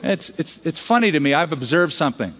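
A man's voice: on the high side, big pitch swings, fairly quick, a bit bright, in a large hall, slight background noise. A man who is a pastor, preaching a sermon in a conversational way, bringing in humorous quoted voices.

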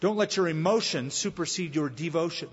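A man's voice: fairly high pitch, a little fast, breathy edge. A man preaching a sermon as pastor, telling a humorous story before making his point. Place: church sanctuary. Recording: echoey hall, slightly dull sound.

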